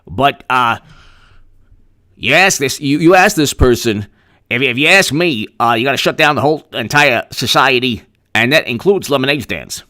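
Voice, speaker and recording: This is a man hosting a live political commentary show. He reads the news, then drifts into sarcastic, rambling asides full of restarts. His voice is bright and pushes forward with force. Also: medium pitch, animated, moderate pace. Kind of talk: live-streamed political commentary, reading news and thanking chat.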